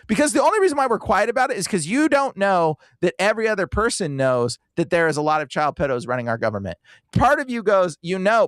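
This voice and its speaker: Animated high-pitched man talking fast. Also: dry recording, clean studio sound. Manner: animated, impersonates people he talks to. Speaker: podcast host. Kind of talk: casual podcast chat.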